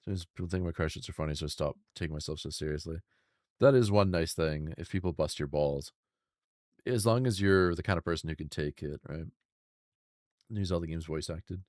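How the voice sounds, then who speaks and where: A man's voice: extremely low pitch, a little fast, a little mellow, no echo, studio quality. A man streaming a game, chatting casually with his chat, swearing freely, laughing often and wandering off on asides. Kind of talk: casual chat reading stream chat while gaming.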